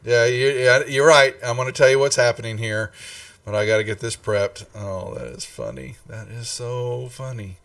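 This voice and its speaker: A man's voice: medium pitch, steady tone, moderate pace, gravelly, a bit bright, no room sound, far from the mic. Laid back guy dming a tabletop game on stream, sounds a bit off mic. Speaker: dungeon master. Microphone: streaming microphone.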